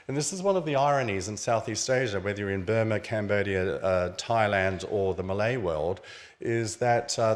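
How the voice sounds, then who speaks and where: A man giving an illustrated lecture at a book launch, explaining objects on his slides in a casual, conversational way. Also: lowish voice. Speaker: author presenting his book. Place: museum event venue.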